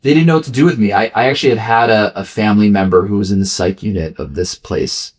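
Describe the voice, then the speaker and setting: A man's voice: on the low side, fast talker. A man in his forties, a podcast guest, telling a personal story candidly, swearing freely and acting out what other people said. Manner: frank, swears freely, acts out quoted dialogue.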